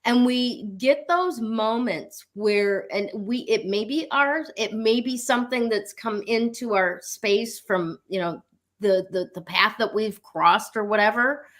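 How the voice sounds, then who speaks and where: A woman's voice: on the high side, measured pace, a bit bright. A middle-aged woman co-hosting a spiritual talk show, telling a personal story in a candid, casual way with frequent fillers and the odd swear word.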